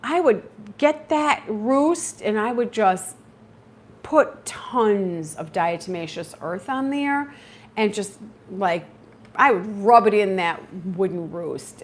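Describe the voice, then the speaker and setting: A woman's voice: mid-range voice, takes it slowly. A middle-aged woman hosting a homesteading livestream, talking casually and acting out her own reactions as she tells stories. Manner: chatty and animated, acts out her own reactions. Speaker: homesteading channel host.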